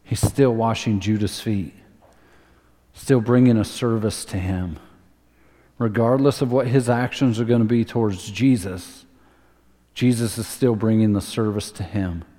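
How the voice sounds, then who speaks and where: A man preaching a sermon as a pastor, telling a story earnestly and dropping to a softer, slower voice for emphasis. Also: on the low side, fairly even intonation, in a large hall.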